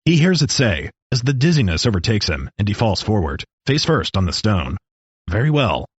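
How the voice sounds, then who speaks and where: Husky low-voiced male story narrator. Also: very animated, fairly quick, dry recording, dull audio. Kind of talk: storybook reading.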